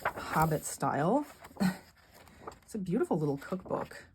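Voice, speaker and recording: A middle-aged woman vlogger chatting casually and gushing softly about gifts, laughing often. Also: fairly low pitch, sing-song, unhurried, noisy background. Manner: soft-spoken and gushing, with frequent laughs. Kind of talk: casual chat showing gifts.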